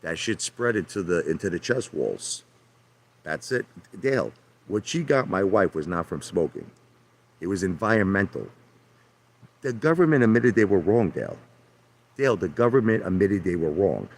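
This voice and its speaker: A low-pitched, sing-song male voice at normal speed belongs to a man livestreaming from his hot tub. His chat with viewers wanders brashly, looping back on itself as he calls out names.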